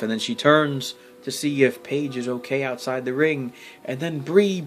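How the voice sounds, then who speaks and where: Over background noise, a man with a medium-pitched voice speaks at normal speed in a casual wrestling recap. The vlogger rambles and swears, restarting often and leaning on fillers, then flares into loud, exasperated outbursts.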